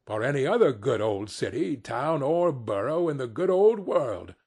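A man narrating an audiobook in an expressive, unhurried storytelling manner. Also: medium pitch, breathy edge.

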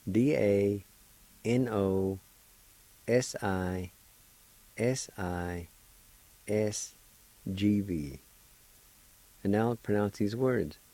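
Slow, low-voiced man teaching words. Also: dark tone, no echo, poor audio. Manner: slow, deliberate, spells syllables one at a time. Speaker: language teacher and radio host. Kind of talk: slow spelling and pronunciation lesson.

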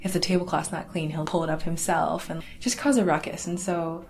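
Young woman telling a family story, low-pitched. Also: fairly even intonation, soft background music. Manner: casual, halting, lots of fillers and restarts; laughs wryly through awkward memories. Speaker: interviewee. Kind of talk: personal storytelling.

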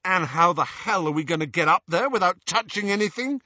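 Blunt young wizard sidekick, read by a man: exasperated, raised, loud. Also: sits high, animated, brisk, no echo, muffled recording, pitched above the performer's own voice, full character voice. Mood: flustered.

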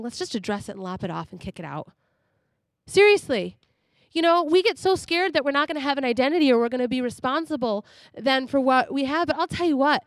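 High-voiced, animated woman preaching. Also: no echo. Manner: animated and chatty, laughs often. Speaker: speaker. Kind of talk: sermon.

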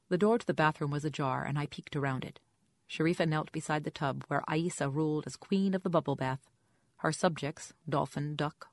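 A woman's voice: low-pitched, dry recording. A woman reading a first-person story aloud in a dry, wry storytelling manner. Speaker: audiobook narrator. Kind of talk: scripted first-person narration.

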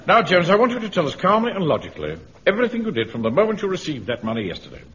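A pompous officer. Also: male voice, high voice, huge pitch swings, rapid-fire, fairly bright tone, husky, full character voice. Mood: stern. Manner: pompous, patient but exasperated. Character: pompous middle-aged male officer in command. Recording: dull old radio broadcast with faint hiss.

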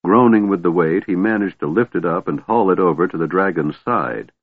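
A man narrating a fantasy audiobook in a steady, measured storytelling manner. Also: low-pitched, breathy edge. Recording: tinny phone-like dry sound.

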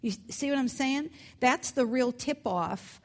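A woman's voice: high voice, expressive, a little slow. A woman teaching a Bible lesson in a conversational way, with chatty asides. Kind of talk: scripture teaching talk.

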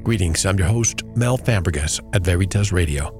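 A Puerto Rican radio host with a low, slightly mellow voice opens his program and introduces his guest, speaking a little fast. His delivery is smooth and polished, with faint music in the background.

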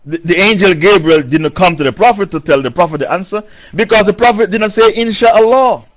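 A man with a high-pitched voice delivers a Quran commentary lecture, chanting Arabic verses before translating them into plain teaching. He drives his points home by repeating key phrases, and the recording sounds dull and lo-fi. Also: brisk. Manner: recites Arabic verses, then translates and explains. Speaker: preacher.

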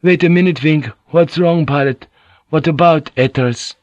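A man's voice: fairly high pitch, unhurried, a little mellow, no echo, highs cut off, voice pushed up, lightly acted. Man doing a blunt, pressing sailor.

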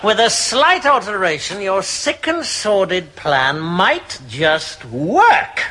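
An actor playing a sardonic, scheming nobleman who speaks with crisp scorn, with studio audience laughter. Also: sits high, big pitch swings, takes it slowly, heavy background noise, full character voice. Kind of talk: sitcom acting.

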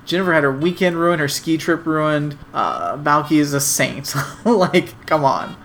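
A man's voice: fairly high pitch, a little slow, faint music behind. A man co-hosting a podcast, casually recapping a sitcom episode and acting out the characters' lines. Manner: animated retelling, acts out quotes. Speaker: podcast co-host.

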